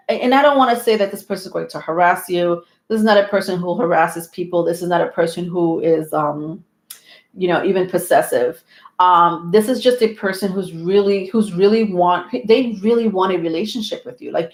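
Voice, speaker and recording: A woman's voice: lowish voice, echoey room. A woman giving a casual live tarot reading, chatty and loose, with many fillers and frequent laughs. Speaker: tarot reader.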